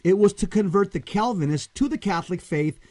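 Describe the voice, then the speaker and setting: A man's voice: high-pitched, lively intonation, fairly quick, a little mellow. A man co-hosting a talk show, reading a story aloud and adding casual commentary between passages. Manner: reads aloud with dramatic emphasis on quoted lines. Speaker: co-host.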